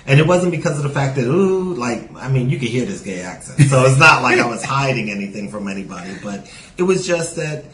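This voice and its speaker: A man's voice: mid-range voice, big pitch swings, a little fast, a bit bright, reverberant, low-quality recording. A man with a New York accent tinged with Southern sounds, a stand-up comic chatting as a podcast guest with many "you know" fillers. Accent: New York with a Southern lilt. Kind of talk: casual podcast interview.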